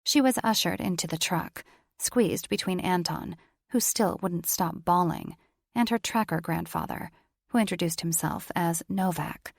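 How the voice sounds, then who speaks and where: A woman narrates a romance audiobook in a low, gravelly voice. Her delivery is measured and steady. The studio sound is dry and close, with no room around her. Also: no echo. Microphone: studio microphone.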